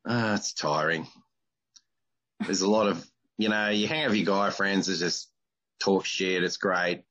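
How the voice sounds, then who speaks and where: Crude, husky Australian man. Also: low-pitched, steady tone, unhurried, pushed and bright. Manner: blunt, crude, teasing. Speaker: podcast host. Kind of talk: casual interview chat.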